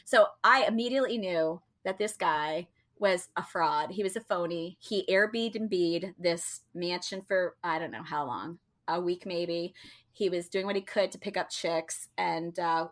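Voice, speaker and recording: A woman's voice: lowish voice, normal speed, fairly bright tone. Chatty woman telling a story with fillers. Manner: chatty, laughing, many fillers. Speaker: podcast co-host. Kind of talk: casual storytelling.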